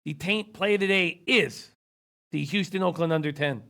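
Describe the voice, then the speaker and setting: A man's voice: fairly high pitch, normal speed, gravelly, bright, forceful tone. A man hosting a sports betting show, losing his voice, reading viewer comments and rattling off stats. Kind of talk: casual sports betting talk.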